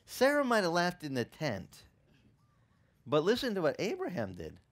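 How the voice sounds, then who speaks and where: At normal speed, a middle-aged man preaching a sermon lets his pitch rise and fall with lively swings. He dramatizes the quotes and bursts into laughter partway through the story.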